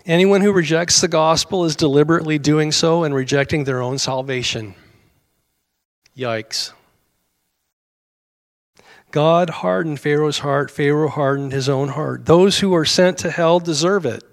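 A man's voice: a little high, unhurried, pauses often. A middle-aged American man preaching a sermon in a conversational way, with asides to his congregation and small chuckles. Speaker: pastor.

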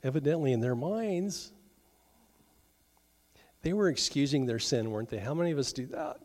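A middle-aged pastor gives his sermon in an easy, conversational style, at a middle pitch, with joking asides and brief acted-out voices for the people he quotes. He's animated, keeps a moderate pace, pauses often, and has a darkish tone.

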